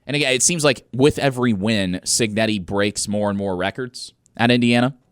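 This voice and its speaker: A young man hosting a college sports radio show, giving energetic, opinionated commentary with emphatic stresses. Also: fairly low pitch, normal speed, clear, resonant tone, no echo, clean studio sound.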